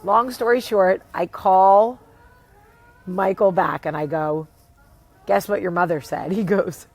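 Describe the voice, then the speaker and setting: A woman with a New Jersey accent chats casually with the camera and jumps between her own voice and the people she imitates. Her delivery is lively and unfiltered, with faint music underneath. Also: fairly low pitch, measured pace, creaky, breathy edge. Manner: animated, acts out quotes, swears casually. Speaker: vlogger, show host. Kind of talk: casual storytelling chat.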